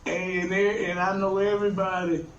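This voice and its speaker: High-voiced man telling a rambling story. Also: level tone, moderate pace. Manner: rambling, laughing often, repeats "man" and "he say". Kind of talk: casual storytelling. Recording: roomy, dull lo-fi sound with faint noise.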